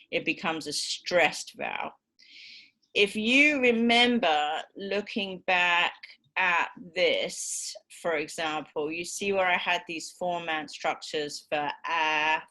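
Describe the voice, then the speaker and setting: A woman's voice: sits low, pushed and bright. A woman with a British accent giving a university lecture, patiently explaining with frequent ums and okays. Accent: British English.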